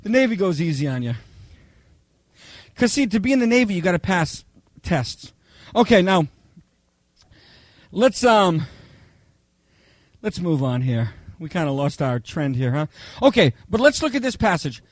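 A man preaching a Bible study, telling humorous personal stories in a chatty, animated way, often checking in with "okay?". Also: high-pitched, measured pace, long pauses, no echo. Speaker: pastor teaching a Bible study.

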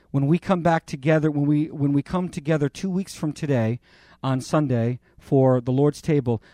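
A male pastor preaching a sermon with passion, swinging between loud declarations and quiet asides, often restarting phrases. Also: medium pitch, no echo, clean studio sound. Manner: impassioned, with dramatic rises and drops in volume; repeats himself and restarts while preaching.

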